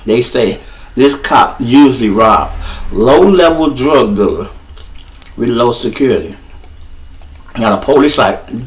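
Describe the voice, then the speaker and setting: Profane storyteller, mid-pitched man. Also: animated, slow, pauses often. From Chicago. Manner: profane, boastful, talks straight to the audience. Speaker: show host. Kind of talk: casual storytelling.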